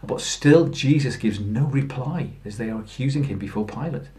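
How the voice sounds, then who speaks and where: A man's voice: mid-range voice, normal speed, warm tone. A man preaching a Good Friday sermon in plain storytelling, earnest, with fillers and restarts. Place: church.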